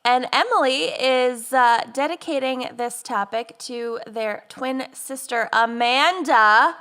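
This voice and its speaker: A woman hosting a podcast in casual chat, relaxed and laughing easily. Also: high-pitched, slow pace, clean tone. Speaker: podcast co-host.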